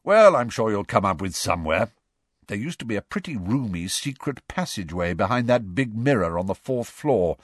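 A brisk, frank adult wizard with a wry, impatient streak, as a man reads him in an audiobook. The voice sits low but swings widely in pitch. It is recorded dry and close. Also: big pitch swings, no echo. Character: adult male wizard, wry, bold, fond godfather. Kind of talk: audiobook character voice.

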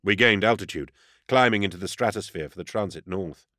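A man reads a first-person audiobook in a steady, even manner. His voice sits low, and the recording is dry and close with no room sound. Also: fairly quick, no room sound. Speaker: audiobook narrator.

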